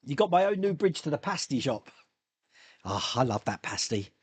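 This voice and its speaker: A man's voice: mid-range voice, big pitch swings, moderate pace, slightly rough, no room sound. A man hosting a casual live stream from his home hobby room. He chats, rambles and reads viewer comments aloud. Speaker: live stream host answering viewer questions. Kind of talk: casual chat.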